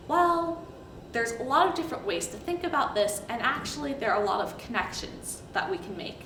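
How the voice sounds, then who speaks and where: A young woman in her twenties, a recent graduate, casually reflecting in an interview. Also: on the high side. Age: 20s. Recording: echoey, distant, noisy.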